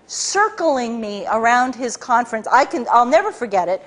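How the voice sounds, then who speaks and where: High-voiced woman telling her story. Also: normal speed, few pauses. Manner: animated, storytelling with many restarts. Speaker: author giving a public talk. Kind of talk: speech to a live audience.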